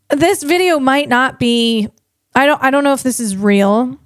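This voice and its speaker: High-voiced woman comedian on a podcast. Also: unhurried, dry recording, studio quality. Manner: animated, stumbling over words, acts out voices. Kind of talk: comedic tech commentary.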